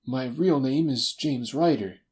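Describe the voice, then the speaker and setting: A man voicing a nervous little hotel attendant caught stealing, in a high, frightened, pleading voice for an audiobook. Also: unhurried, a little mellow, breathy edge. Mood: anxious. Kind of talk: audiobook character voice.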